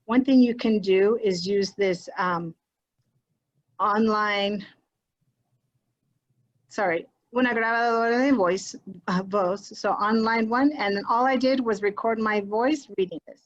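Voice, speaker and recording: A woman's voice: medium pitch, unhurried, pauses often, dull audio. A woman leading an online workshop for teachers in a chatty, encouraging way, mixing in Spanish phrases, recorded on a computer mic during a video call. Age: adult with a child. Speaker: teacher leading a training for educators.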